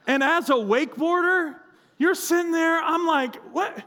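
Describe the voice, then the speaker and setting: Guy pastor preaching, pretty high voice, gets animated telling stories. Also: moderate pace. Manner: animated storytelling with acted-out quotes. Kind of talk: sermon.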